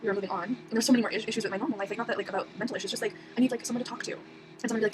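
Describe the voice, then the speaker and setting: A woman's voice: a little high, fairly even intonation, racing. A young woman telling a personal story in a rambling casual monologue, full of fillers and restarts. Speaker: vlogger. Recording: audible background noise.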